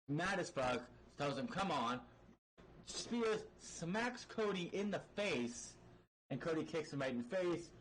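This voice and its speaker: A man's voice: fairly high pitch, slight background noise, poor audio. A man casually recapping a wrestling match play-by-play, rambling with fillers and frequent swearing. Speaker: wrestling show reviewer.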